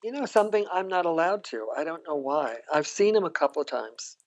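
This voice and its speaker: A woman's voice: deep voice, expressive, brisk, darkish tone, low-quality recording. An older woman, a guest on a podcast, telling reflective personal stories and laughing often. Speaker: interview guest, psychotherapist. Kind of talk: conversational storytelling.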